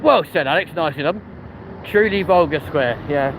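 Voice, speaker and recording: A man's voice: fairly high pitch, animated, moderate pace, background noise. A man with a London accent, live-streaming as he walks city streets and chatting cheekily with viewers, swearing freely. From England. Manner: cheeky, sweary, chats to the live chat while walking.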